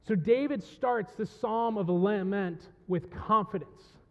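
A man with a high voice delivers an impassioned sermon, swinging from hushed reflection up to loud, pleading cries. His voice carries a long reverb from a church hall, and the sound is a bit muffled. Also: takes it slowly. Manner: impassioned, rising to loud pleading when voicing the psalm. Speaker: pastor. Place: church sanctuary.

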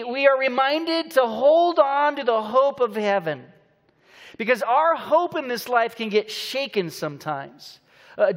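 A man preaching a sermon as a pastor, telling stories with playful banter and slowing down to stress points. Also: very high-pitched, fairly bright tone. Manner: storytelling with playful banter, slows for emphasis. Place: church auditorium. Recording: long hall reverb.

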